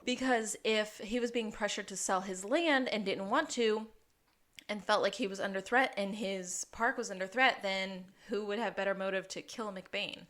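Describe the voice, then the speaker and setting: Woman, podcast co-host, casual recap chat, laughs a lot, quick asides. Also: medium pitch, fairly bright tone.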